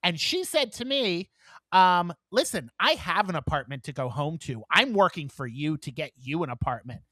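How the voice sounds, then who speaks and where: A man co-hosting a podcast, telling a story in casual chat, animated and profane, acting out the dialogue. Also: on the high side, normal speed, dry recording. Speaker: podcast co-host.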